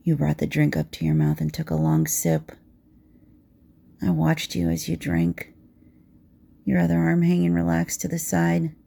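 A woman telling an intimate second-person romance story in a soft voice that slips into whispers. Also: low-pitched, measured pace, gravelly, long pauses.

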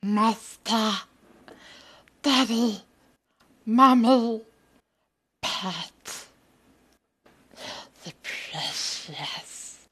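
Gollum, a husky whispering creature, as a woman puts him on. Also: on the high side, lively intonation, a bit bright, voice pushed up, full character voice. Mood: creepy, sultry. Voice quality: husky, slow, often whispered. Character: Gollum, a hissing, creepy male cave creature. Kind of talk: comic character impression.

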